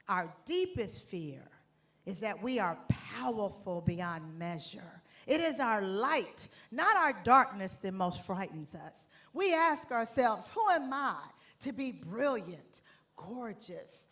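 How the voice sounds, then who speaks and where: A woman motivational speaker giving an inspirational keynote to a live audience, speaking in measured, deliberate phrases. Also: medium pitch. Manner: builds from soft, measured delivery to shouted call-and-response. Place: large hall with a live audience.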